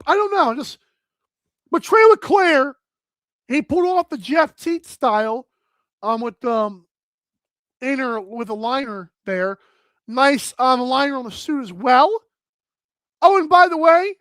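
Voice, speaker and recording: Chatty bubbly woman talking fashion on a show, high voice, dry close mic. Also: animated, takes it slowly, long pauses, a bit bright, dry recording. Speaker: fashion segment presenter. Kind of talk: casual chat.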